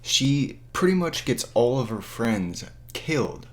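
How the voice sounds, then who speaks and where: A man's voice: medium pitch, slow, slight background noise. Exasperated, foul-mouthed young man ranting. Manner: profane, exasperated, animated. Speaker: vlogger. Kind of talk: casual movie review rant. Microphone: camera mic.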